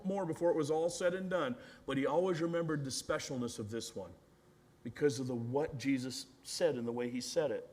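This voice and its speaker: A man, a pastor, preaching a storytelling sermon, acting out quoted voices and often adding "right?", sometimes dropping to a hushed, gentle voice. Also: on the high side. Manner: drops to a hushed, gentle voice for tender moments.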